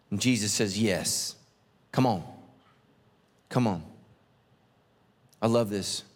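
A middle-aged man preaching a sermon, telling stories with lively, animated delivery and acting out voices. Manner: animated storytelling, acts out voices, big pitch swings. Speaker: pastor. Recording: long reverb of a large hall.

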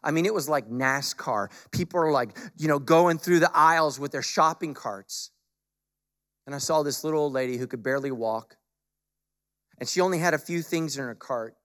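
A male pastor delivers a sermon in a slightly higher-than-usual voice. He tells stories in a relaxed, chatty way, then presses his points with repeated, emphatic lines. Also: moderate pace. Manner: conversational storytelling that builds to forceful emphatic preaching.

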